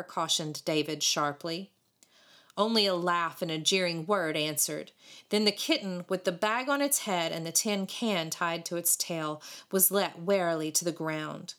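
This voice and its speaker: A woman narrates a storybook with a lot of movement in her voice, rising and falling through each sentence. Her voice sits on the low side, and her reading is animated and expressive. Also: unhurried. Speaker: audiobook reader.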